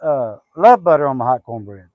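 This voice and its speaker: A man's voice: medium pitch, big pitch swings, brisk, darkish tone, dull audio, a little hiss or hum. A middle-aged man, chatting casually on a homestead livestream, rambling with lots of fillers and restarts. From Southwest Arkansas.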